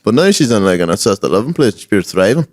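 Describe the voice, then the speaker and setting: A man's voice: on the low side, very animated, fairly quick. A young man, co-hosting a casual comedy chat, telling stories and laughing often. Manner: laid-back storytelling, laughs often. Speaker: podcast co-host.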